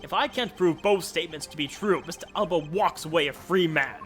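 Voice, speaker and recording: A woman voicing a composed, formal male prosecutor who reasons deliberately in a game let's play. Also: lowish voice, faint music behind, natural voice. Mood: deliberating.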